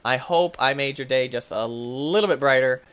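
A young man giving let's play commentary, excitable and quick to get frustrated, yelling at the game between chatty asides to viewers. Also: mid-range voice. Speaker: gaming YouTuber.

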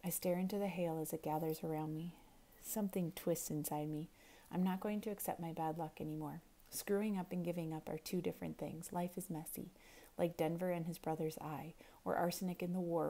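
A woman teacher reading a novel aloud, expressive, quiet and intense. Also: sits low, fairly quick, creaky.

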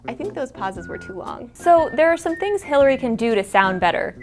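A woman journalist narrating a scripted explainer and interviewing an expert, in a clear, even and conversational way. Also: high voice, a little fast, faint music behind.

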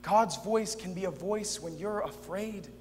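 A man performing a dramatic spoken-word monologue, expressive and shifting between soft and loud. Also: sits high, unhurried, big-room sound, faint music behind. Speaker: performer in a youth event drama sketch.

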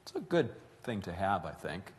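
A man's voice: low-pitched, very animated, moderate pace, a little hiss or hum. A middle-aged man preaching, telling a family story in an earnest way that builds to emphatic stretches. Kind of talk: sermon storytelling.

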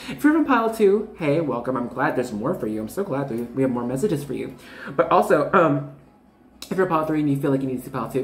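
A woman's voice: low voice, echoey room. A woman in her twenties giving a casual, rambling tarot reading to her viewers, full of fillers and bubbly asides. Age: 20s. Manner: rambling, filler-heavy, bubbly and self-interrupting. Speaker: tarot reader.

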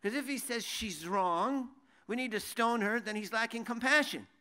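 A man's voice: very high-pitched, moderate pace, sharp tone, clean tone. A man teaching a sermon, conversational, with many rhetorical questions and restarts, reading verses in Hebrew and translating them. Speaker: Bible teacher.

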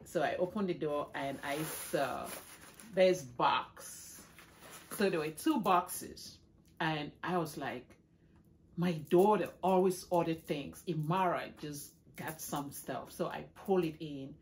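A middle-aged woman chatting casually in a home vlog, exclaiming excitedly while she opens gifts. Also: deep voice. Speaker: vlogger.

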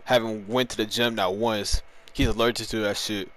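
A young man giving raging, profane gameplay commentary, yelling in frustration and then dropping to low muttering. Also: steady tone, moderate pace. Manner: swings between loud outbursts and low muttering. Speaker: gamer.

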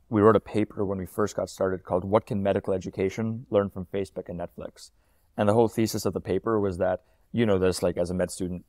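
A man in his thirties, a company founder talking as an interview guest, quick and fluent with frequent ums and uhs. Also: low-pitched, a little mellow, dry recording, clean studio sound. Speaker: startup founder and CEO, guest. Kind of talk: casual interview talk.

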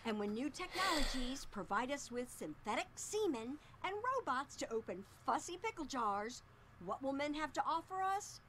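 An actress playing a blunt, militant woman who declares her views flatly. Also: sits high, moderate pace, background noise.

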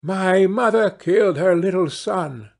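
A man's voice: sits high, a little slow, creaky, voice pushed up, heavily acted. A man voicing a murdered little boy reborn as a bird, chanting his song in a sing-song way.

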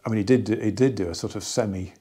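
A man casually talking through an album from his record collection, rambling and enthusiastic with many pauses and restarts. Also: on the low side, warm tone, breathy edge. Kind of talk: casual hobby vlog.

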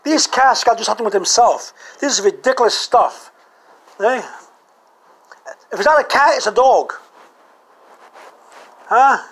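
High, bright-voiced man ranting. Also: a little slow, pauses often. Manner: animated, full of rhetorical questions. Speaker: vlogger. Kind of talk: comic monologue to camera.

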